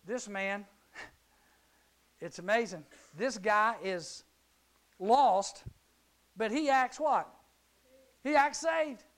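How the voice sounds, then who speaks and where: A man with a high voice delivers a youth sermon. He tells the story animatedly, slipping into different characters and rising to shouts at the peaks. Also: drawn-out words, long pauses. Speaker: youth preacher.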